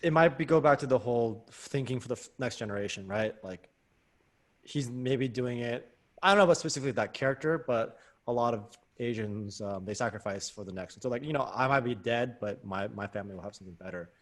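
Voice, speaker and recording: A man hosting a podcast in a relaxed, agreeable manner, chiming in with short affirmations. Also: medium pitch, fairly quick. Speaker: podcast host. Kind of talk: casual chat.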